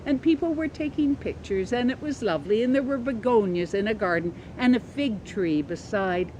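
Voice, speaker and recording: A woman's voice: mid-range voice, darkish tone, slight background noise, rough recording. A woman storyteller telling an original tale in a leisurely, descriptive, lilting way, recorded outdoors by a pond. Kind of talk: oral storytelling.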